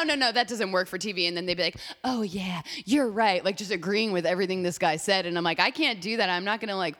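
Bright, animated young woman telling a story. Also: fairly low pitch, big-room sound. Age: young adult. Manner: animated storyteller, swears freely, acts out quotes. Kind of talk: casual chat.

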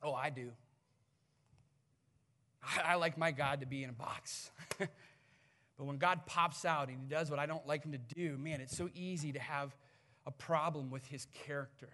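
A pastor in his thirties preaching a sermon, telling family stories and moving from hushed asides to loud, emphatic lines. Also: on the high side, fairly even intonation, normal speed, pauses often. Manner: storytelling, swings from hushed to loud.

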